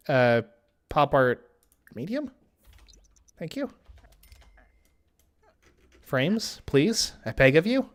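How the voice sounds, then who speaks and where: A young man casually commenting on his game during a live stream, thinking aloud with frequent ums and restarts. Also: medium pitch.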